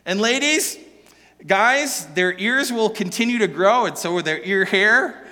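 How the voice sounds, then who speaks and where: A man preaching a sermon, animated and joking, asking the listeners question after question. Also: very high-pitched, big-room sound. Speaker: pastor.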